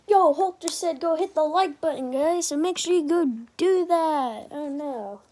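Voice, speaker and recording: A young woman chatting over her gameplay in a loose, rambling way, often stopping to remind viewers to like and subscribe. Her voice sits a little high. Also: a little slow, a little mellow. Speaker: gaming channel creator. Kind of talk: casual gameplay commentary.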